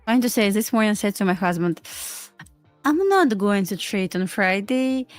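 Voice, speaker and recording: A woman's voice: mid-range voice, moderate pace, no room sound, faint music behind. Dry, matter-of-fact woman trader. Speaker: trading stream co-host. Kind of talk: casual live-stream chat.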